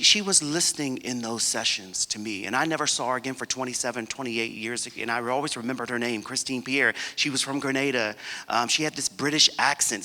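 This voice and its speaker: A man in his forties gives a keynote, telling his personal story with emphasis. His voice is strikingly bright and tense. Long reverb from a large conference hall trails behind every phrase. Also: mid-range voice. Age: 40s. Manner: earnest, emphatic storytelling that acts out dialogue. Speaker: keynote speaker.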